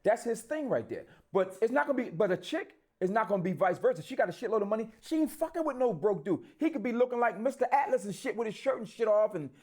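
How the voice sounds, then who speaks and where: A man's voice: high voice, lively intonation, quick pace, hardly any pauses, a little mellow. A man hosting a podcast, talking bluntly in casual chat with plenty of profanity. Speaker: podcast host.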